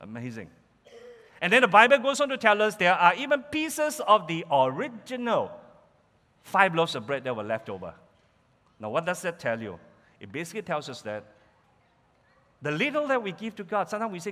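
Lively high-voiced male preacher. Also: moderate pace, pauses often. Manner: animated, emphatic storytelling. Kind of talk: sermon. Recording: reverberant hall.

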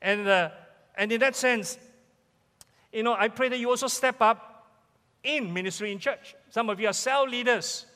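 Malaysian-accented male pastor, high voice, emphatic sermon delivery, long hall reverb. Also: normal speed, pauses often, pushed and bright, clean tone. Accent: Malaysian English. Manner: emphatic, repeats key questions. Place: church sanctuary.

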